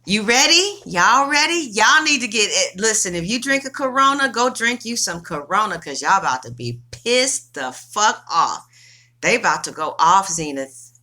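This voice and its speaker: Bright-voiced chatty woman, tarot vlogger. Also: medium pitch, sing-song, moderate pace. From California. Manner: chatty, emphatic, swears freely. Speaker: tarot reader. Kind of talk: casual chat to viewers.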